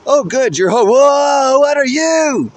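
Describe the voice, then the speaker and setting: A man voicing a startled mother in a storybook reading, shrill and alarmed. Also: animated, moderate pace, a little mellow, a little hiss or hum.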